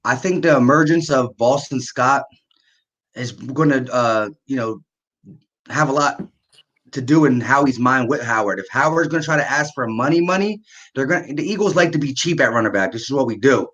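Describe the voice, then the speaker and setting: Relaxed sports stream man, lo-fi. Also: medium pitch, moderate pace. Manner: relaxed, reads out viewer comments. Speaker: co-host of a fan sports stream. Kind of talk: casual sports chat. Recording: dull lo-fi stream audio.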